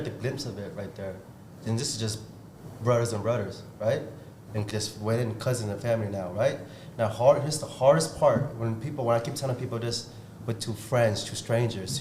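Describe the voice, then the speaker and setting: A man hosting a podcast, talking bluntly and intensely in a repetitive pep-talk way. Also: darkish tone. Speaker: podcast host and martial arts coach. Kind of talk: casual motivational podcast talk. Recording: roomy with faint rumble.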